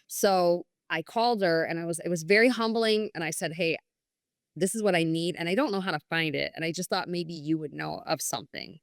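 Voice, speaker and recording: A woman from New York speaks as a podcast guest, sharing her story in a candid, earnest way. Her voice sits a little low, and she keeps slipping into quoted dialogue with "I was like." The sound is dry and close. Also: fairly quick, no echo. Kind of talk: personal testimony in conversation.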